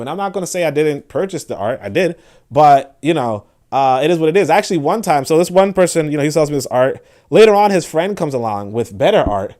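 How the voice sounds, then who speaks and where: A man with a fairly high voice, talking casually on a livestream. He rambles, restarts his sentences and breaks off to check in with his viewers. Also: a little mellow. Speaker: host.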